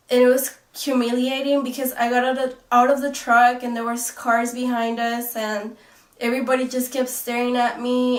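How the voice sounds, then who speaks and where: A woman's voice: a little high, recorded from a distance. A young woman vlogger telling a story in a rambling way, full of fillers and swearing. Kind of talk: casual storytelling. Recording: echoey room, off-mic.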